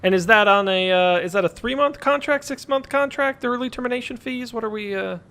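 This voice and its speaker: A man's voice: very high voice, a little fast, bright, forceful tone, exaggerated voice. A man voicing a pompous, wealthy male noble customer in a tabletop game, rambling with lots of filler. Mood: flattering. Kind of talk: in-character tabletop role-play.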